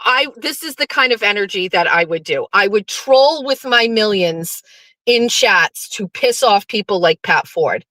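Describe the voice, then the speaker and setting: A woman's voice: medium pitch, animated, measured pace, a bit bright, no echo. A middle-aged woman hosting a live show, chatting casually to her viewers, swearing and talking back to the chat. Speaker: livestream show host.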